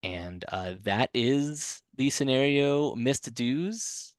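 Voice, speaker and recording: A man's voice: medium pitch, expressive, takes it slowly, no echo, studio quality. A man running a tabletop horror game as game master, narrating hesitantly with many restarts.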